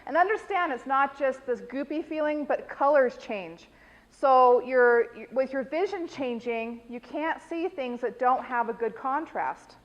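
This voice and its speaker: A woman's voice: high voice, unhurried, long reverb tail, muffled recording. American woman trainer quizzing a class. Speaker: dementia care trainer.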